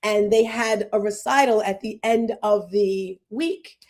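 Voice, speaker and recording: A woman's voice: mid-range voice, a little mellow. A woman in her fifties hosting a casual talk, rambling and emotional, sometimes close to tears. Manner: emotional, rambling, fast tangents. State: tearful. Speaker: host.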